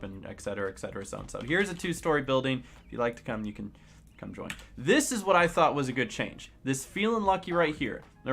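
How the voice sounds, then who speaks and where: A man's voice: mid-range voice, fairly bright tone. A young man giving casual, rambling commentary while he plays, opinionated but shrugging, with many fillers and restarts. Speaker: gaming streamer.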